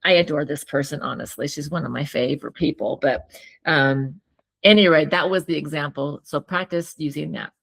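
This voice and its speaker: A woman's voice: deep voice, normal speed, vocal fry. A woman therapist and co-host in casual teaching chat, chatty, often restarting sentences and laughing while she tells stories.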